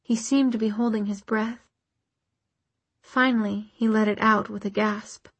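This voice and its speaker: A woman narrating a novel in a measured, even storytelling manner. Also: mid-range voice, breathy edge, no echo. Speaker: audiobook narrator. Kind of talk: scripted narration.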